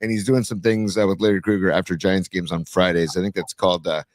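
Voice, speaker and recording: A man co-hosting a sports talk show, relaxed and full of sports trivia in casual banter. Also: low voice, fast, no echo, studio quality. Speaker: podcast co-host and youth coach.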